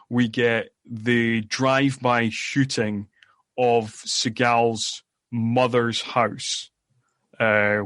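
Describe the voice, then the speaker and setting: A male podcast co-host recaps a film on a movie podcast, rambling casually with lots of fillers and restarts. His medium-pitched, slightly bright voice is captured dry and at studio quality on a podcast microphone.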